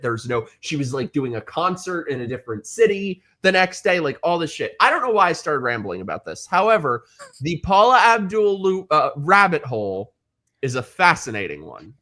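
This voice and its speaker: A man's voice: a little high, sharp tone. A man hosting a casual panel chat on a video call, telling rambling gossipy stories. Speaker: host.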